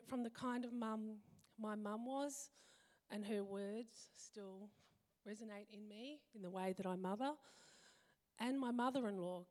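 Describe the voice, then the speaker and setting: A woman in her fifties giving a heartfelt, reflective personal talk to a gathering, often pausing to list things slowly. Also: medium pitch, darkish tone. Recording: long hall reverb.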